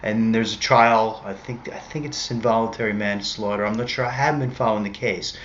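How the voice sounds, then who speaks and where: A man's voice: lowish voice, fairly even intonation, fairly quick, a bit bright, slight background noise. Rambling man telling a story. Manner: rambling, self-correcting, conversational. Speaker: street musician telling a story. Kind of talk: casual storytelling monologue. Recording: dull lo-fi recording.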